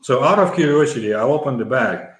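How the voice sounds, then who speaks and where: This middle-aged interview guest from the former Soviet Union talks quickly and animatedly in a mid-range voice. He spins a long conversational story with lots of fillers and false starts, recorded in an echoey space.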